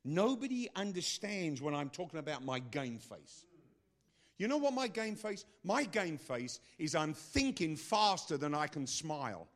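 An older male preacher delivering a sermon with force. His voice sits a little high for a man, and he jumps from loud, raised bursts down to quiet, low asides. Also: big pitch swings, measured pace.

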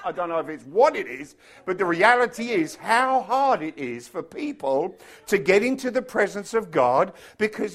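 Middle-aged English man, pastor, casual joking sermon, slightly higher voice, mimics others for laughs. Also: a bit bright. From England. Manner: chatty, joking with the congregation, bursts of mimicry.

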